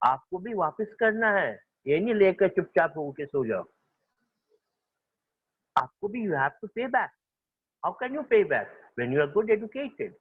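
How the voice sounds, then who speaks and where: A man's voice: sits high, slightly rough, dry recording, phone-quality sound. A man with an Indian accent teaching a school class, switching between English and Hindi and repeating key phrases. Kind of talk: classroom lecture.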